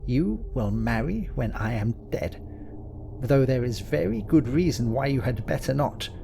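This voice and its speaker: A man voicing a hateful, dying old aristocrat who speaks slowly and low, sinking into a whisper. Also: animated, vocal fry, background noise. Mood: sinister. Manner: slow, low, whispering menace.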